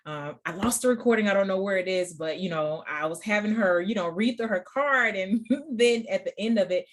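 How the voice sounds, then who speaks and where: A woman's voice: mid-range voice, a little fast. A woman in her thirties hosting a podcast, telling a personal story in a casual, chatty way, often laughing and talking straight to her listeners. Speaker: podcast host.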